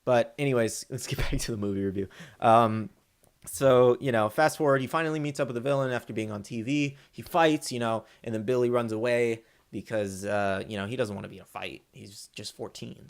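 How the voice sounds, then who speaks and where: A young man talks through a film he just saw in a loose, rambling way, full of ums and restarts. His voice sits at an ordinary middle pitch, and he gets excitable and hyped when he reaches the parts he loved. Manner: excitable, rambling, many fillers. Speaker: movie reviewer. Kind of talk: casual spoiler movie review.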